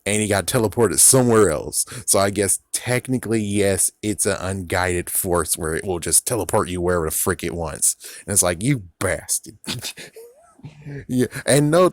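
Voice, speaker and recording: A low-pitched man rambles through a casual review, swearing freely and laughing at his own jokes. The sound is dry, with no room echo. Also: normal speed. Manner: rambling, profane, laughs often. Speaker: YouTube reviewer.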